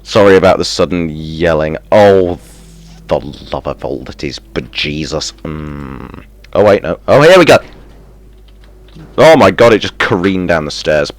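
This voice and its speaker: A man playing a video game and commenting as he goes, muttering to himself, then bursting into yelps and shouts of excitement. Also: very deep voice, a little slow. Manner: excitable, self-mocking, sudden yelps and mutters. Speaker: gaming streamer. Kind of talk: let's play commentary.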